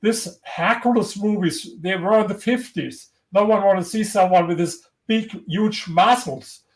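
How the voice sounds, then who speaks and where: A man with a strong German accent speaks in a fairly high voice as a guest in a conversational interview. He sounds earnest and motivational, and he often stops and restarts his sentences as he goes. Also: measured pace, poor audio.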